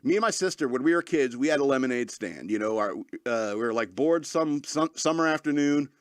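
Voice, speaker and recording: A man's voice: medium pitch, animated, fairly quick, no room sound, studio quality. A man in his forties hosting his own podcast, telling a rambling comedic story with frequent laughs and mock-angry outbursts. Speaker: podcast host. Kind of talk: casual comedic monologue.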